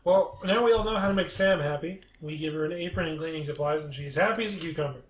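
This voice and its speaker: A man's voice: fairly high pitch, fast talker. A man hosting a podcast in casual chat, rambling and joking, often trailing off and restarting. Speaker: podcast host. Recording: echoey room.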